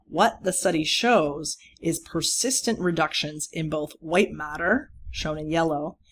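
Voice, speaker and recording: A lecturer giving a recorded course lecture, explaining clearly, speaking directly to students and stressing key words as they rephrase points. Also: mid-range voice.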